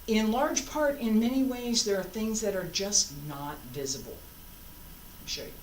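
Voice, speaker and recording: A woman teaching a martial arts class, counting students through moves and calmly correcting their form. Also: mid-range voice. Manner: calm, deliberate, corrective coaching. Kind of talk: class instruction with counted cues. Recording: echoey room, distant mic, faint background noise.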